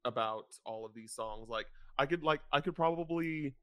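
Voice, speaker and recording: A man's voice: mid-range voice, moderate pace, a bit bright, clear, resonant tone, no room sound. A young man rambling in casual podcast chat, filling his talk with "like" as he goes. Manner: rambling, full of "like" fillers. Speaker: podcast co-host.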